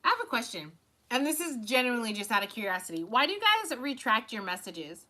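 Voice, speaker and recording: A woman's voice: fairly high pitch, very animated, quick pace, pushed and bright. A woman tarot reader hosting a live stream, talking loosely and casually with lots of fillers, swearing and laughing often.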